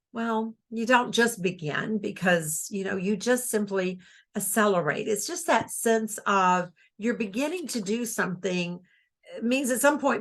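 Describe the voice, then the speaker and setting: A woman's voice: mid-range voice, creaky, fairly bright tone. A middle-aged woman giving a casual writing lesson, reading example sentences aloud with expression. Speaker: writing teacher. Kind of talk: casual instructional talk.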